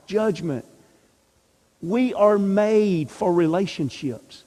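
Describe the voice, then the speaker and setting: Church class teacher, male, mellow slightly high voice, emphatic rhetorical delivery, long hall reverb. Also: expressive, normal speed, slightly rough. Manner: emphatic, asks rhetorical questions. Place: church meeting room.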